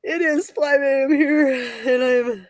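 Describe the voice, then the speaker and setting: A woman's voice: high voice, steady tone, measured pace, no echo, studio quality. Giggly woman streamer. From Canada. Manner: bawdy joking, laughs constantly. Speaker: livestream host. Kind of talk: casual live chat.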